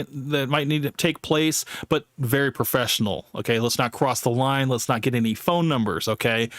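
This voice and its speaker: Man, live stream host, casual rambling commentary, average pitch, dry close sound. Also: fairly bright tone, clear, resonant tone, dry recording. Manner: rambling, with many fillers and restarts; blunt, jokey and self-deprecating.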